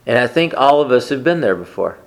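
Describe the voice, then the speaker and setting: A man's voice: medium pitch, sing-song, brisk, gravelly. A man preaching a conversational sermon, often asking the congregation questions. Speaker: pastor.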